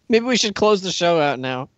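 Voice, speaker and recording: A man's voice: sits high, very animated, slow, fairly bright tone, dry recording, highs cut off. A man co-hosting a podcast, chatting casually and joking with friends. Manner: laid-back, joking, wraps up the show. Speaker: podcast co-host. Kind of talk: casual group chat.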